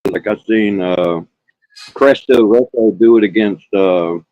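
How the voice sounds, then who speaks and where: A man's voice: on the low side, unhurried, dark tone, no echo, dull audio. Brash, foul-mouthed man in a dry room. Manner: profane, brash, boastful. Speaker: panel guest. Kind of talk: casual panel chat. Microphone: streaming call mic.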